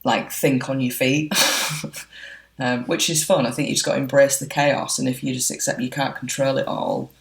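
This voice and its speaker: A woman's voice: a bass voice, steady tone, normal speed, creaky, poor audio. A woman, a wedding photographer being interviewed, talking in a chatty, reflective way with frequent fillers. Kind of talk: casual interview chat.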